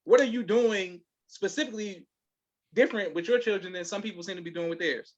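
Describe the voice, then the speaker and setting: A man's voice: sits high, brisk. A man hosting a podcast, asking guests questions in a slangy, hyped-up way. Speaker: podcast host. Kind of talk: casual podcast interview. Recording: dull lo-fi sound.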